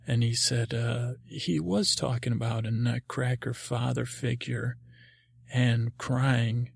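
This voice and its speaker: A man hosting a podcast, rambling through a dreamlike story in halting, filler-heavy speech. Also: mid-range voice, steady tone, creaky, breathy edge, no room sound, studio quality. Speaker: podcast host.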